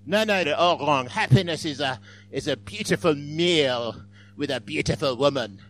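A man's voice: on the high side, animated, moderate pace, a bit bright, faint music behind. A man voicing a passionate Frenchman, emphatic and insistent.

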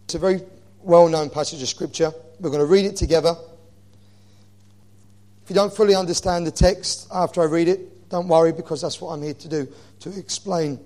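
A man's voice: fairly high pitch, steady tone, brisk, dark tone. A man preaching a sermon as a visiting preacher, praying fervently with repeated "Lord, my God" and reading scripture aloud with rising energy. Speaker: guest preacher.

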